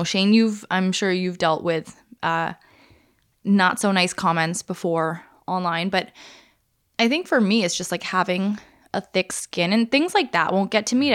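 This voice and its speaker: A woman co-hosting a podcast in casual, animated chat, laughing often. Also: lowish voice, normal speed. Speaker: podcast co-host.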